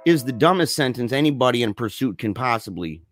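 A man casually telling a story, slangy and animated, acting out the voices of the people in it. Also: medium pitch, fairly quick, dry recording, clean studio sound, soft background music. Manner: animated, acts out voices in his stories; slangy, says dude and man often. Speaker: podcast co-host telling a story.

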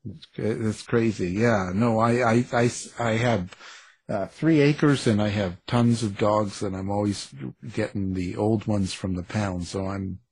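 A man's voice: fairly low pitch, steady tone, measured pace, darkish tone, breathy edge. A man interviewing authors, joking along and laughing easily. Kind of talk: interview conversation.

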